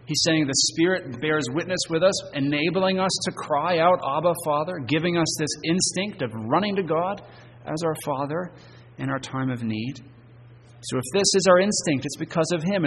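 A man preaching an evening sermon, earnest, with emphatic stresses and phrase endings that drop soft. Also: medium pitch, big-room sound, a little hiss or hum. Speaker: pastor. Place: church sanctuary.

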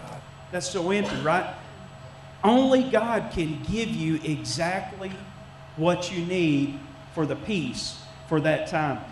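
High-voiced man preaching in an echoey church. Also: expressive, slow. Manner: conversational, folksy, with many restarts and fillers. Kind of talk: sermon. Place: church sanctuary. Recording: echoey church room, faint background noise.

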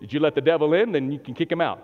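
A man preaching a sermon as pastor to a live and online congregation, animated and laughing often, moving from loud exhortation to hushed prayer. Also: fairly high pitch, rapid-fire. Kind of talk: sermon with call and response. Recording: long hall reverb, dull lo-fi sound, faint music.

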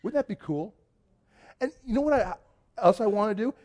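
A man preaching a conversational sermon to his congregation, telling stories in an excitable, chatty way. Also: high voice, normal speed. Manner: chatty storytelling, excitable, many restarts. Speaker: pastor. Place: church before a congregation.

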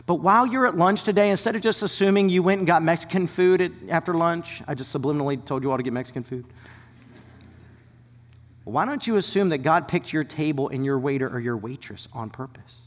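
Male pastor, lively sermon delivery with whispered drops, slightly high voice. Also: in a large hall. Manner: dynamic preaching, dropping to hushed whispers for emphasis; animated storytelling with quick asides.

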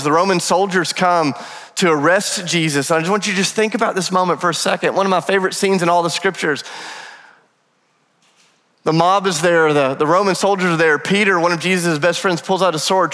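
High-voiced preacher in a reverberant hall. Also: male voice. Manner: lively storytelling with humorous asides. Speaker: pastor. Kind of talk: sermon. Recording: long reverb of a large hall.

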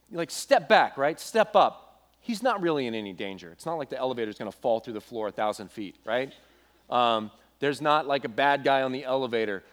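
A young adult male pastor preaching a sermon, telling a story in a casual, animated way with asides to the congregation. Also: medium pitch.

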